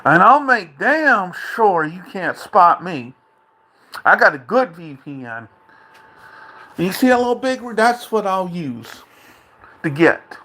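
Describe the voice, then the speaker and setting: A man vlogging an angry, profane rant from a dark room at home, taunting and repeating himself. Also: high voice, sing-song, slow, long pauses.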